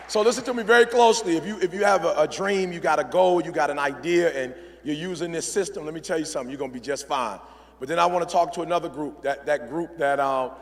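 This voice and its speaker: A middle-aged man giving an emphatic, repetitive motivational speech in a large convention hall, sometimes shouting. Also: on the high side. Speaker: motivational speaker.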